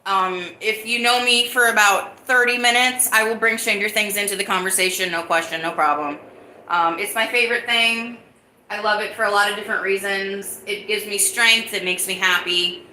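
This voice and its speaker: A woman's voice: mid-range voice, moderate pace, bright, forceful tone, reverberant, slight background noise. A woman hosting her own live-stream podcast, talking casually and greeting viewers in the chat. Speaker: livestream podcast host.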